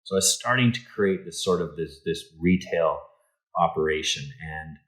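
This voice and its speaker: A man from Canada, a guest in an interview, telling a story with lively acted-out dialogue and many restarts. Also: deep voice, normal speed, rough recording. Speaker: interview guest, insurance executive.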